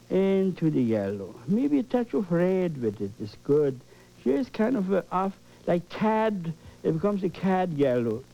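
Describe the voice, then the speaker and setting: Slow, dark-voiced painting teacher, lo-fi. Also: male voice, high voice. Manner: fervent, repetitive, coaxing. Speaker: painting instructor. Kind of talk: live painting demonstration. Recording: dull lo-fi broadcast recording.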